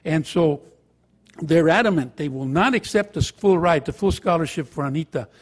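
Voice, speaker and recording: A man's voice: fairly high pitch, normal speed. An older man, a former teacher telling a joking anecdote to an audience. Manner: anecdotal, joking, switches into Spanish. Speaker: former high school teacher and counselor. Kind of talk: storytelling talk to an audience.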